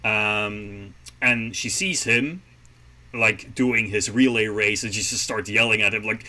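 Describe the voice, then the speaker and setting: A man co-hosting a casual anime podcast, recapping episodes in a relaxed, thoughtful way. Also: medium pitch, takes it slowly. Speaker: podcast co-host. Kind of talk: casual chat about anime.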